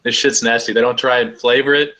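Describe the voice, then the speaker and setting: A man's voice: mid-range voice, flat delivery, a little fast, pushed and bright. A young man chatting casually on a video call, laid-back and rambling, filling his talk with "like" and laughing easily. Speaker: host.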